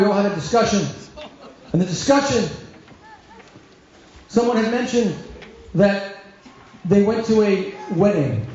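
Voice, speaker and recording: Animated rabbi in an echoey hall. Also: male voice, high-pitched, slight background noise. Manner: animated storyteller, wry humor, acts out quoted voices. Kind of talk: storytelling talk to a congregation. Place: synagogue hall. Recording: echoey hall, dull lo-fi sound.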